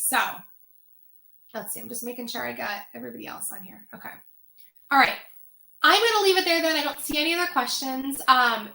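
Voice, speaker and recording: A high, bright woman's voice talks through an online finance workshop in a chatty way, full of fillers and quick asides. Her voice is wearing thin from a long session. She sounds like she is in a roomy space with echo. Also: creaky. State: voice getting tired. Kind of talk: casual online workshop talk.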